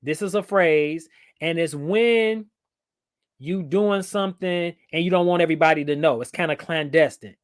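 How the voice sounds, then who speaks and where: A man's voice: fairly high pitch, normal speed, dry recording, clean studio sound. Playful man hosting a livestream. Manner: playful, reads viewer comments aloud, laughs often. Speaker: livestream host. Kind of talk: casual livestream chat.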